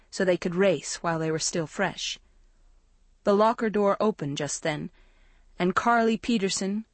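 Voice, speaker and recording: Slow-reading woman narrator. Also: mid-range voice, no room sound. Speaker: audiobook narrator. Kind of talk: scripted narration.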